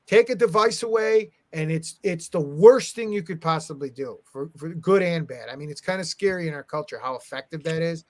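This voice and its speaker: A middle-aged man telling stories in a casual chat, animated and profane, acting out quotes. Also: on the high side, a little fast, hardly any pauses, no room sound, studio quality. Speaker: guest, comic artist and art agent.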